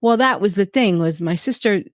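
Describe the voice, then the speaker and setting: A woman in casual podcast chat, telling trip stories with quick asides. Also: mid-range voice, animated, dry recording, studio quality. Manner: chatty storyteller, quick asides. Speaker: podcast guest.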